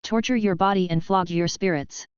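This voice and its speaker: A woman voicing a stern, cold male battalion commander with a severe voice, in a measured, even delivery. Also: on the low side, clean tone, no echo, lightly acted. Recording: slightly dull dry recording.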